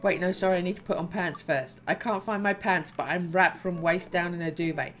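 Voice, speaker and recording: A woman's voice: fairly low pitch, fairly even intonation, brisk, fairly bright tone, close to an everyday voice. A woman voicing an awkward, apologetic male delivery man, over background music. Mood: flustered. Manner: flustered, apologetic. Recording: music playing behind.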